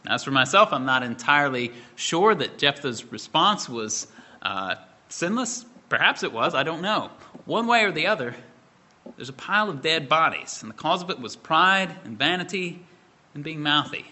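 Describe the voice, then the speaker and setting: A middle-aged man delivers a sermon in a bright, forceful voice pitched a little high. He works through the passage at a measured pace and drives his points home with rhetorical questions. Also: lively intonation. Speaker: pastor.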